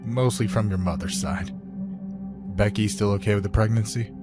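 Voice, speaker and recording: A man's voice: fairly low pitch, moderate pace, over loud music, pitched above the performer's own voice, close to an everyday voice. A male narrator voicing a tired veteran police detective in a horror audiobook. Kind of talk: audiobook character voice.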